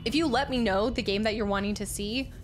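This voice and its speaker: A woman's voice: a little high, fairly quick, music in the background. A woman game streamer chatting casually with her viewers while she plays, laughing often and getting giddy over the game. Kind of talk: casual live-stream chat while playing.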